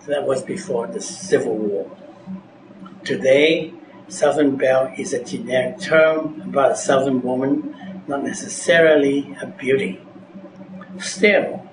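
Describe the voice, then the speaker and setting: A man narrating a scripted vocabulary lesson as a teacher, reading in a measured, deliberate way. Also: medium pitch. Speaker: English teacher. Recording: echoey room with background noise.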